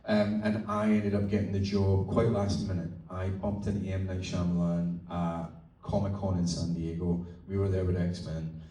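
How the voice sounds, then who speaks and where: Guy rambling and laughing on a stage, deepish voice, far from the mic. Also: little pitch movement, normal speed, mellow. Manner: chatty, swearing, laughing storyteller. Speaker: actor guest. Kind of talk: onstage festival interview. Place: festival event hall. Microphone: audience phone far from stage. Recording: echoey hall recorded from far off in audience.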